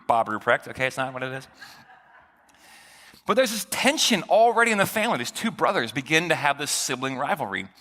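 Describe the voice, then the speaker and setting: A male pastor giving a sermon in a church, animated and joking, with a conversational, chatty delivery. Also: fairly high pitch. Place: church sanctuary. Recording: long church reverb.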